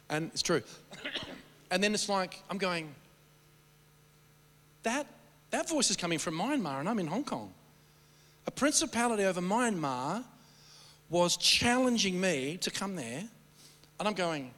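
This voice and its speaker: Animated preacher in an echoing hall. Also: male voice, high voice, takes it slowly, long pauses. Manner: rambling, animated, with frequent restarts and stammered repeats. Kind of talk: sermon storytelling. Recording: long hall reverb.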